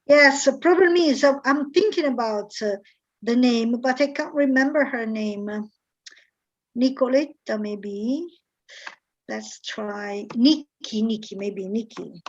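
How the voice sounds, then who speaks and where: A woman runs an online English lesson, talking slowly with many pauses and fillers. Her voice sits a bit high and comes through dull, lo-fi call audio. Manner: hesitant, many fillers, searching aloud. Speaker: English teacher. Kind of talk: online class, quizzing students on proverbs.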